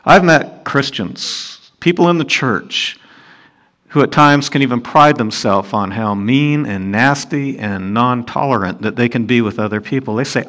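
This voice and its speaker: A man preaching a sermon and explaining scripture, earnest, asking his listeners rhetorical questions and rising in pitch and volume for emphasis. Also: a little slow, a bit bright.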